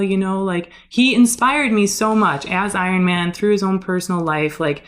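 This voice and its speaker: A woman's voice: mid-range voice, normal speed, few pauses. A young woman, a podcast guest and yoga teacher, telling a story in a chatty way full of fillers and "like"s. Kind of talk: casual storytelling.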